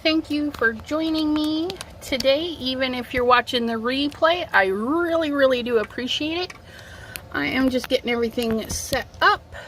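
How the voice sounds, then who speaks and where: Hosting a casual crafting stream on her phone from home, a middle-aged woman chats through setup and reads what viewers comment. Her high voice is a bit bright at a normal speed, with a touch of allergy sniffles and slight background noise.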